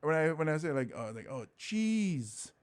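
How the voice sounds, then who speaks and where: Animated comic man, higher voice. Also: fast, smooth. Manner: animated, acts out quotes in voices. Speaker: stand-up comic guest. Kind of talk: casual interview storytelling.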